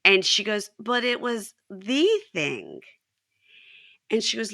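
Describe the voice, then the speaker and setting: A woman's voice: mid-range voice, very animated, slow, vocal fry, long pauses, bright, forceful tone, no room sound, studio quality. A woman hosting a podcast, chatting casually and retelling show scenes with quoted lines. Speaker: podcast host. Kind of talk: casual chat recapping a reality show.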